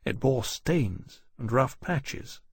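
A man reading an audiobook in a measured, even storytelling manner. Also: medium pitch, gravelly, husky, dry recording, clean studio sound. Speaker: audiobook narrator. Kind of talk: scripted narration.

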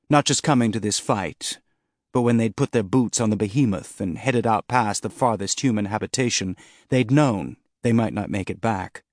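Steady male audiobook narrator, dry studio sound. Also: medium pitch, dry recording. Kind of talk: scripted narration.

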